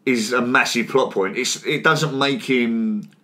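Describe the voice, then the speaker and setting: Bloke hosting a film podcast, sweary and jokey, reads out recap bits, mid pitch. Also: male voice, measured pace, sharp tone. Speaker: podcast host. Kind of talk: casual chat and scripted recap.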